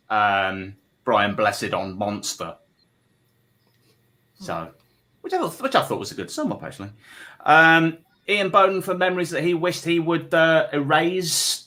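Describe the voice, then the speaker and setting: Man, comedy panel host, bright forward tone, chatty, wry asides, middle pitch. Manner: chatty, reads out viewer comments with wry asides. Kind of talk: comedy panel show hosting. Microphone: online live stream.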